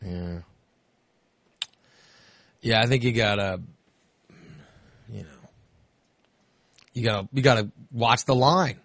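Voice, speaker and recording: A man's voice: lowish voice, dry recording. A man hosting a radio show, chatting casually and animatedly, often restarting his sentences. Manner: animated, restarts often, does quick impressions. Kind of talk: casual chat.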